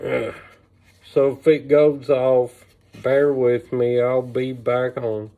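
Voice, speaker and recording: A man reading an old religious text aloud on a livestream, slow and measured, with small asides, recorded on a phone. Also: medium pitch, level tone. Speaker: reader. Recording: tinny phone-line sound.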